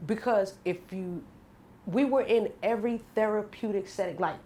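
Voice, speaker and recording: A woman's voice: mid-range voice, moderate pace, warm tone, a little hiss or hum. Frank woman telling her story in a roomy studio. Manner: emotional storytelling, slangy and blunt. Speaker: guest. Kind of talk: candid interview conversation.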